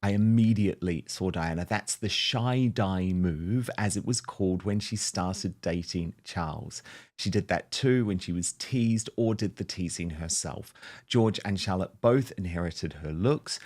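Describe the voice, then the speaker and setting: Man, show host, lower voice, chatty and casual, reads comments aloud. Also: measured pace, darkish tone. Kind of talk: casual chat.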